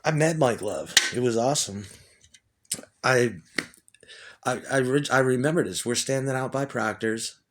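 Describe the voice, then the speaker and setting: A man, a musician, telling a rambling, profane story in a casual monologue and getting excitable as he retells it. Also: medium pitch, normal speed, long pauses, background noise.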